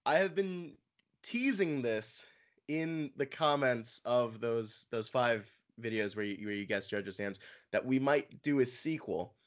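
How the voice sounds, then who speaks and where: A man's voice: medium pitch, animated, measured pace. A young man co-hosting a casual podcast-style chat, laughing often and swearing casually. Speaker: channel co-host.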